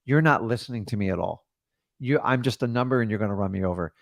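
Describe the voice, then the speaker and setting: A man coaching a caller in a casual, blunt way, acting out phone calls with quick changes of voice. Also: fairly low pitch, gravelly, no echo, studio quality. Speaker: real estate investor coaching a caller.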